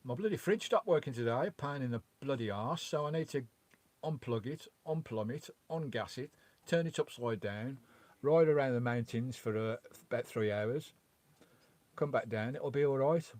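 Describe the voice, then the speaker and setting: A man's voice: mid-range voice, moderate pace, a little mellow, dry recording. A man chatting casually on a live stream from his campervan, reading out chat messages in a rambling way with mild swearing. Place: parked in a campervan.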